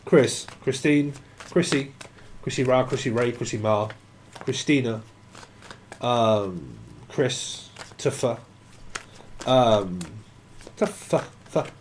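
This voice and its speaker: A man's voice: mid-range voice, takes it slowly, long pauses, slight background noise. Rambling man reading tarot. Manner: rambling free association, swearing, breaking into song. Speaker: tarot reader.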